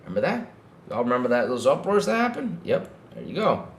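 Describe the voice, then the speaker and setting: A man's voice: medium pitch, huge pitch swings, brisk, creaky, roomy sound, slight background noise. A man hosting a livestream podcast, ranting heatedly to his chat and often repeating himself. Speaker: podcast host.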